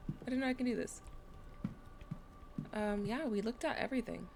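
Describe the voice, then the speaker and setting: A woman's voice: a little high, moderate pace, gravelly, noisy background. A woman giving casual commentary while playing a video game, chatty and reading item text aloud. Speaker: gamer. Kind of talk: casual let's-play commentary.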